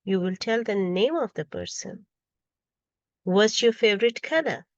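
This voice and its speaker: A woman's voice: medium pitch, lively intonation, measured pace, dry recording, highs cut off. A woman teaching an English grammar lesson, reading out example questions one by one and stressing each example.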